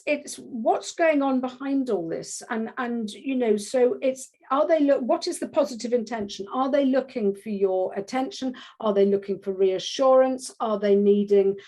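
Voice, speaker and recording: A woman with a slightly high voice chats casually as a parenting coach in an interview. She's animated and lively, restarts her sentences a lot, and slips into quick little voices when she quotes people. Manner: frequent restarts and filler phrases.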